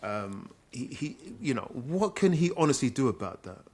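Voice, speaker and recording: A man's voice: medium pitch, big pitch swings, normal speed, darkish tone, slightly rough. A middle-aged man, a guest, candidly telling a personal story in a reflective way. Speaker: guest, social worker.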